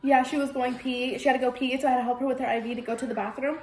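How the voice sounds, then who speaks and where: Young woman rattling on in a vlog, kinda high voice, quick, echoey room. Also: little pitch movement, a little mellow. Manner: chatty, laughs easily. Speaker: vlog co-host. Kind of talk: casual chat.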